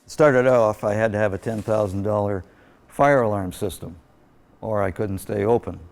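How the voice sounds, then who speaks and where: A man's voice: on the low side, moderate pace, gravelly, a little mellow. A middle-aged man who owns a small-town movie theater, talking plainly and folksily in an interview. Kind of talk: casual interview.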